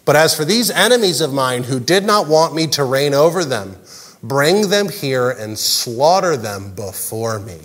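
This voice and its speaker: A man preaching a sermon as pastor, animated and jokey, acting out the characters' lines. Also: medium pitch, measured pace, big-room sound. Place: large church hall.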